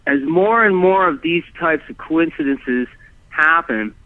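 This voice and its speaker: A man telling his own story as a guest, halting and animated, with many restarts and fillers. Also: a little high, dry recording. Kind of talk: rambling first-person storytelling. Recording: dry tinny phone line.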